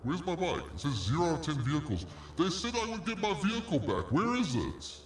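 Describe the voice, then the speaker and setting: A man's voice: a little high, big pitch swings, fairly quick, slight background noise. A man streaming a game, ranting in exasperation and swearing at what happens on screen. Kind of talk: live gameplay commentary.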